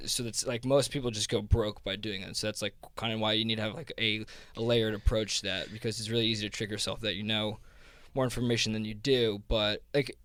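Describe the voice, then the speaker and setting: With a lowish, slightly bright voice and no room sound, a South Jersey man explains his ideas as a guest on a podcast interview. The crypto fund co-founder rambles casually, restarting frequently and peppering everything with "like."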